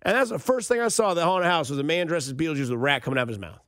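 Speaking very fast in a slightly high voice, this late-night radio host in his 30s animatedly spins jokey stories and does voices. The studio-mic recording has no room sound and is studio quality.

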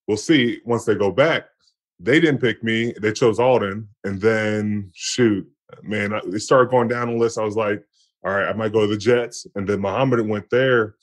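A man in his thirties in casual chat, telling stories in a laid-back, slang-heavy way. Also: fairly low pitch. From born in Pittsburgh, raised in Atlanta. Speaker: podcast guest.

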